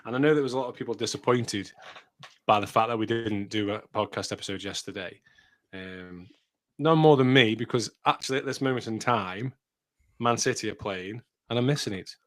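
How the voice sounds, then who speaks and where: A man's voice: on the low side, brisk, a bit bright. Chatty English podcast host man. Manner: chatty, laughing, self-mocking. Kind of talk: casual chat. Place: home office.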